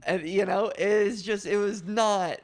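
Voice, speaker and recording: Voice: medium pitch, fairly even intonation. A young adult podcast host and comedian telling a story in casual chat, swearing freely and rambling. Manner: profane, rambling, drops into quick put-on voices.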